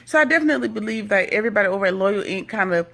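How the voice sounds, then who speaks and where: A woman recapping a reality show episode in a loose, chatty way. Her voice carries a gravelly, creaky edge at a middle pitch, and she drops sassy, gossipy asides as she goes. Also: lively intonation, rapid-fire, a bit bright. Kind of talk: casual episode recap commentary.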